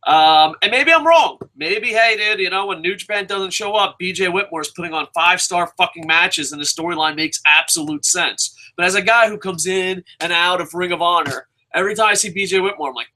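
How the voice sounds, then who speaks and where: A man with a bright, forceful, fairly high voice rants through a wrestling show review. He rambles, swears constantly and gets excitable as he jumps from point to point. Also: fairly quick, rough recording. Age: adult with a son. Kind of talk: casual profane rant.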